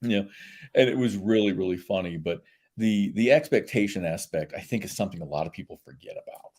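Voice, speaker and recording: A man guest in a casual interview, telling lively anecdotes and laughing often. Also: sits low, fast talker. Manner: animated storyteller, laughs often.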